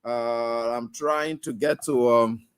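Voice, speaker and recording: A man hosting a call-in radio show, casual and brisk as he juggles callers. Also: mid-range voice, fairly even intonation, smooth. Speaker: radio talk show host.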